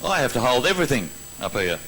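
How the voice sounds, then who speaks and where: A man's voice: mid-range voice, big pitch swings, fast, a bit bright, slight background noise, low-quality recording. A man on a ballroom stage, protesting and stammering with embarrassment during live comedy banter. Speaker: guest performer.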